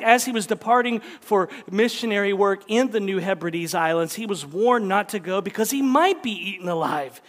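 A man's voice: high-pitched, a bit bright. A man preaching a sermon, telling a story with dramatic quoted voices. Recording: long hall reverb.

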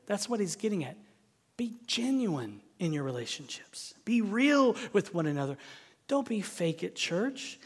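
A male pastor giving a conversational, joking sermon, now and then dropping to a soft near-whisper. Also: sits high, expressive, moderate pace, long reverb tail.

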